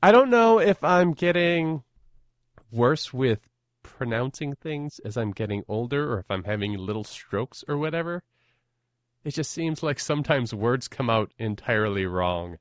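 A man's voice: medium pitch, lively intonation, unhurried, no room sound, clean studio sound. A man hosting a podcast in casual chat, joking and poking fun at himself. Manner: joking, self-deprecating banter. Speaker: podcast host.

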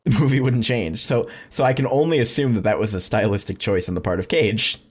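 A man with a lowish voice weighs in on a film during a relaxed review podcast. His humor is dry and teasing. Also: brisk, husky. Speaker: podcast co-host. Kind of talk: casual movie review chat.

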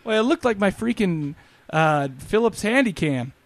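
A man hosting a podcast, chatting casually about a film, animated and joking with quick asides. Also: high voice, no room sound. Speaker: podcast host. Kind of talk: casual movie review chat.

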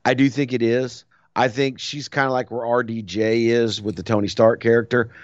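Animated man chatting on a podcast. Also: medium pitch, moderate pace, no room sound. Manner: animated, slips into mock voices and laughs. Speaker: podcast co-host. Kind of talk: casual chat. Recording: dry, slightly dull audio.

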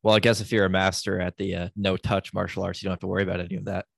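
A man hosting a podcast, asking questions quickly and agreeably. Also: low voice, little pitch movement, creaky, fairly bright tone, dry recording, clean studio sound. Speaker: podcast host. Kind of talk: podcast interview.

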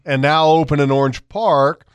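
A man hosting a talk radio show, chatty and upbeat as he reads a sales pitch. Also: fairly even intonation, normal speed, smooth, dry recording. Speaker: radio host.

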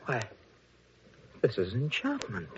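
A man's voice: medium pitch, wildly swooping pitch, takes it slowly, breathy edge, exaggerated voice. An actor playing an exasperated old king in an old radio play, fussy and exclaiming. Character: exasperated old king, father of three sons. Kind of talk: 1940s radio acting. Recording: muffled old radio recording.

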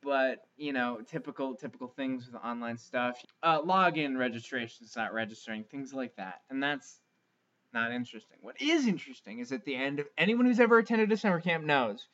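A man's voice: mid-range voice, expressive, a little fast, a bit bright, dull audio. A young man co-hosting a podcast, rambling through crude camp stories in casual comedic chat. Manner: crude, rambling storyteller with filler words. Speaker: podcast co-host.

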